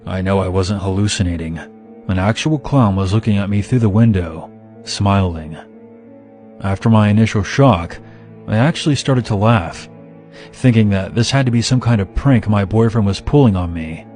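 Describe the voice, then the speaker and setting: Brief: male horror narrator, low voice, steady dramatic first-person telling, faint music behind. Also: moderate pace. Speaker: story narrator. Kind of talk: scripted horror story narration.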